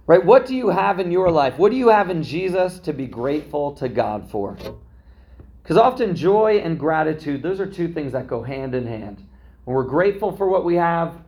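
This man's mid-range voice has a slightly mellow quality as he delivers a sermon in a chatty way, often tossing in "right?" to engage his audience. He is a pastor and a parent, ranging from young adult to middle-aged.

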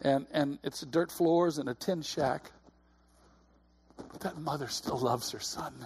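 A man's voice: on the high side, takes it slowly, noisy background. A middle-aged man giving a conversational sermon, earnest, often repeating his words. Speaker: preacher.

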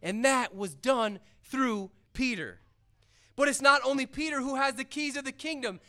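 A man with a very high, bright and crisply clear voice preaches to a young audience. He retells old stories in plain everyday words, earnest and conversational. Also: moderate pace. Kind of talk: casual sermon retelling scripture.

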